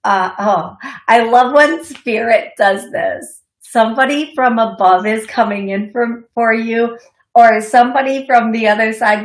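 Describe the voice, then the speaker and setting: A fairly high-pitched woman taking calls as a psychic medium on a radio call-in show, speaking in an unhurried way. She is chatty and reassuring and slips into giggly asides. The sound is roomy and echoey.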